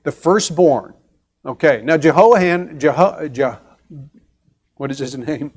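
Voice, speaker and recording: Man teaching a Bible class, slightly high. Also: expressive, darkish tone, slightly rough. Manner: conversational, explains step by step with pauses and restarts; asks the class questions. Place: church classroom.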